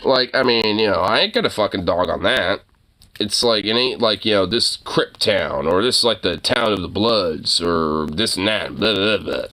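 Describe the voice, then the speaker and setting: A man's voice: fairly low pitch, normal speed, sharp tone. A man ranting casually late at night, swearing often and rambling with lots of fillers. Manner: profane, rambling, filler-heavy; scolding his dog, exasperated. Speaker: vlogger.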